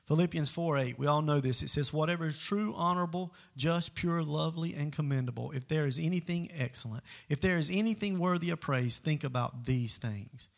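A man preaching a sermon as pastor, emphatic, moving between loud calls to the congregation and quiet asides. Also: on the high side, a little fast, gravelly, hardly any pauses.

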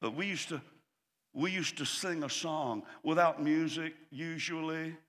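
A man preaching a sermon as pastor, impassioned and building to loud cries. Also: a little high, fairly even intonation, measured pace. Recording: long hall reverb.

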